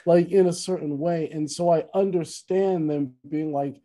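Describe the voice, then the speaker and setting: A man's voice: fairly high pitch, moderate pace. A man in casual conversation, telling a story with lots of restarts and asides. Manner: rambling, self-correcting, animated retelling. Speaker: podcast co-host, musician.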